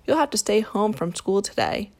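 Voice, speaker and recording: A woman voicing a busy, caring mother bear in a storybook read aloud, speaking in a gentle, motherly way. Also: medium pitch, sing-song, normal speed.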